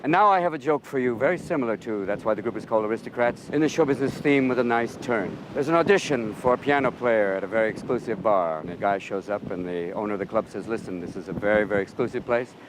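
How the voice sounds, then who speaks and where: A male comedian rattles through a joke at a breakneck pace, jumping in and out of the voices of its characters. His voice sits at an ordinary pitch. A faint noise runs underneath. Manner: rapid, animated, switches between joke characters. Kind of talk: telling a joke to camera.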